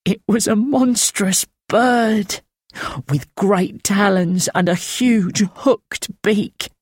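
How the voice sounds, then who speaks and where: A man reading a story aloud, voicing a feverish, frightened male peasant with a thin, rasping voice who pleads shakily through tears. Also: high-pitched, extremely slow, no echo, studio quality, pitched above the performer's own voice, exaggerated voice. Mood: terrified. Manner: pleading, shaky and tearful. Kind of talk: audiobook character voice.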